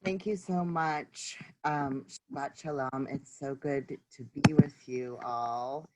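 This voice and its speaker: A man rabbi speaking as guest speaker on a video call, casual and quick, with many fillers. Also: mid-range voice, steady tone, low-quality recording. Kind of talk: sermon over video call.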